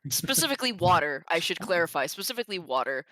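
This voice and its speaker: A congested woman with a cold whose voice sounds bright and sharp and jumps around expressively. She teases her friends, exasperated and laughing. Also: lowish voice, very animated, fast. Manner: teasing, exasperated, laughs often. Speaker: tabletop game player. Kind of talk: casual pre-game chat.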